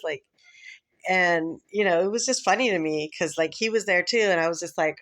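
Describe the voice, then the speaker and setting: A woman vlogger rambling casually, full of fillers and quick laughs. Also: on the low side, a bit bright, no room sound. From Philippines heritage. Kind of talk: casual chat.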